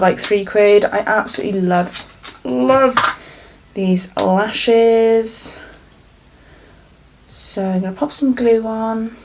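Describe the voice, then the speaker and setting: Her voice is on the high side with a darkish tone as this young South Welsh woman chats through a makeup tutorial indoors at home. She's a beauty vlogger who rambles and swears freely, and the poor recording has slight background noise.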